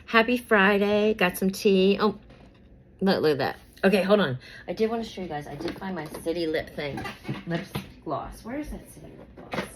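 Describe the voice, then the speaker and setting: A woman's voice: mid-range voice, expressive, moderate pace, a little hiss or hum, low-quality recording. A woman chatting casually about celebrity gossip while doing her makeup, rambling with many fillers and repeats, and sometimes whispering names as she pulls cards.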